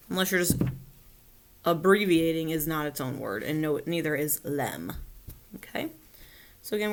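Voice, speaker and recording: A woman's voice: low voice, creaky, fairly bright tone. A woman teacher walking students through a phonics lesson step by step, patiently checking in with them as she goes. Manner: patient, explains step by step, often asks "right?". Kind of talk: recorded phonics lesson for children.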